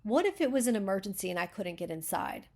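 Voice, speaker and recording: A woman reading the lines of a sarcastic, suave grown man in a fan story, in a slightly raised voice with a gravelly edge. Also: mid-range voice, sing-song, fast, darkish tone. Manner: dry, disapproving.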